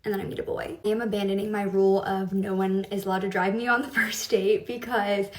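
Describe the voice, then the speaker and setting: A woman's voice: medium pitch, little pitch movement, fast, recorded from a distance. A young woman vlogger chatting in a bubbly, confiding way while doing her makeup, often laughing. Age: young adult. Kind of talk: casual get-ready-with-me chat. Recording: roomy echo.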